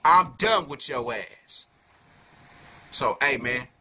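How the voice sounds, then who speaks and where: A man giving a heated fan rant to camera, full of profanity and street slang, dropping low then flaring into loud outbursts. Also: lively intonation, slow pace, a little hiss or hum. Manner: profane slangy talk, keeps calling listeners "dog"; swings from low muttering to loud angry outbursts. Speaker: fan video reviewer.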